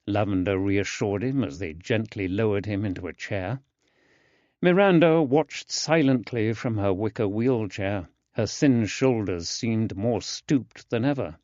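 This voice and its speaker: A man narrating an audiobook in a steady, even scripted reading. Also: fairly low pitch, unhurried, dry recording, lo-fi sound.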